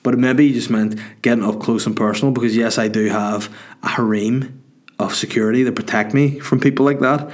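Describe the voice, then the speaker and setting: Chatty, self-mocking comedian. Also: male voice, medium pitch, steady tone, a little fast. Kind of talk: casual storytelling monologue.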